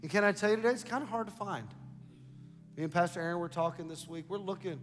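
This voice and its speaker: High-voiced preaching pastor in a big hall. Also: male voice, fast, fairly bright tone, soft background music. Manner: preaching with rising emphasis, repeats phrases. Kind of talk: sermon. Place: large church hall.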